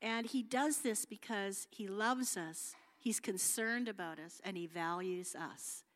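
A woman's voice: mid-range voice, unhurried, a bit bright. A middle-aged woman giving an informal church talk with slides, chatty and homely, with many fillers and restarts. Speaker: guest speaker at church. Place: church hall. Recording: long hall reverb.

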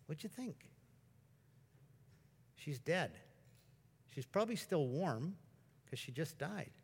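A man preaching a sermon in a conversational, storytelling way, at times breaking into excited exclamations. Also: a little high, takes it slowly, gravelly, breathy edge. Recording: long reverb of a large hall.

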